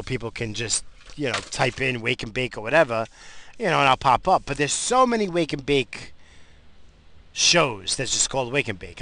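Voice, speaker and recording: A man's voice: mid-range voice, creaky, bright, forceful tone. A tired man hosting his own show, talking in a casual, rambling way with many restarts and fillers while driving. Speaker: podcast host. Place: in a car, driving.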